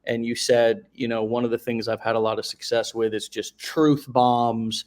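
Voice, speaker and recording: A man's voice: mid-range voice, little pitch movement, normal speed, a little mellow. A man hosting a live interview show, talking effusively and rambling through long questions. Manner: effusive, rambling, many restarts and fillers. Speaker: host.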